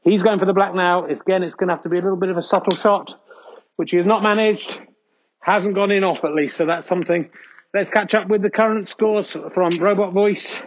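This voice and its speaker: A man hosting a comedy podcast, giving mock-earnest snooker commentary with frequent excited exclamations. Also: high voice, fairly quick, highs cut off. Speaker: host doing mock sports commentary.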